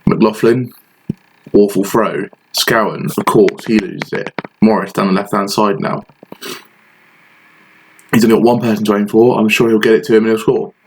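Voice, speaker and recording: A man's voice: fairly low pitch, steady tone, moderate pace, long pauses, a little hiss or hum, low-quality recording. A man giving frustrated, sarcastic play-by-play commentary over a football management game he is playing. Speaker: gaming channel host.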